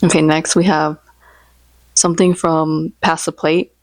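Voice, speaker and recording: Low-voiced chatty woman vlogger. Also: level tone, unhurried. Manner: rambling, chatty, jokes about her own impressions. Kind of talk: casual chat.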